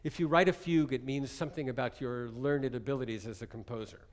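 A man gives a conversational, jokey lecture-demonstration on chamber music, often digressing while explaining a piece. His mid-range voice moves fast.

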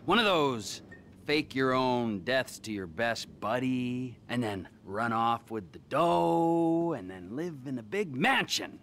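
A man's voice: medium pitch, very animated, slow pace, a bit bright, a little hiss or hum, heavily acted. An actor playing a volatile, unhinged male criminal in a video game cutscene, sarcastic and swinging into manic cheer. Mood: mocking.

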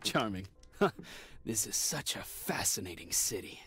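An actor voicing a vain young American stage star with a thick American accent, talking in a gushing, theatrical way. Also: male voice, on the low side, big pitch swings, a little slow, sharp tone, a little hiss or hum, exaggerated voice.

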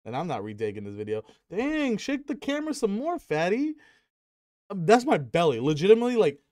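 Young dude rambling to his viewers, really animated voice, cracks jokes and swears, headset mic at home. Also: sits high, a little fast. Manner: rambling, joking, swears freely, many fillers. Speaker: gaming YouTuber. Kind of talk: casual rambling vlog to camera.

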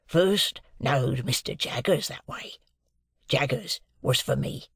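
A man reading an audiobook voices a rough old male convict who speaks in a low, guarded, rustic way. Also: slow, no room sound, studio quality, full character voice. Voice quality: hushed, coarse, old-fashioned rustic speech.

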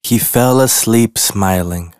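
A man reading a children's picture book aloud in a gentle, deliberate way. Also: on the low side, no echo, clean studio sound. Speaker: storybook reader.

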